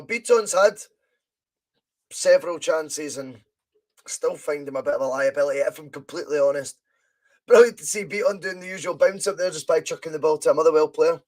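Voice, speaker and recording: A Scottish man hosting a live football watch-along podcast, chatting in a rambling way and reading viewer comments aloud. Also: fairly high pitch. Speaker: podcast host.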